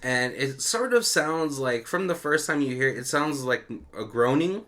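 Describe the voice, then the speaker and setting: Podcast co-host, male, bright tone, lively storyteller in casual chat. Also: mid-range voice, normal speed. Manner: animated storytelling with frequent laughs. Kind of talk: casual movie commentary chat.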